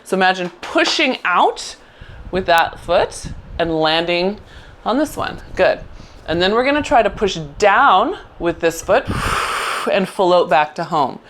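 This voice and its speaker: A middle-aged woman teaching a Pilates mat class, giving quick encouraging cues and praising often. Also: lowish voice, big pitch swings, fairly bright tone, slight background noise. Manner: encouraging, upbeat cues with frequent "good". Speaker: Pilates instructor. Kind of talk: live online class instruction.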